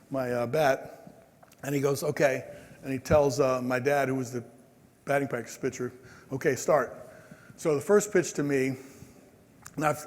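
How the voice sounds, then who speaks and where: A man in his sixties giving a conference speech, telling stories in a lively way and acting out the people in them. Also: medium pitch. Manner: animated, acts out quoted people. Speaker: keynote speaker. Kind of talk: storytelling speech. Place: large convention hall. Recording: long hall reverb.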